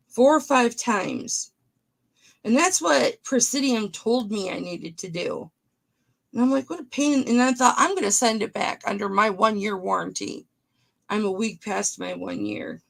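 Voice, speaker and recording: Slow, gravelly woman auctioning jewelry live. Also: medium pitch. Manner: chatty, talks to viewers by name.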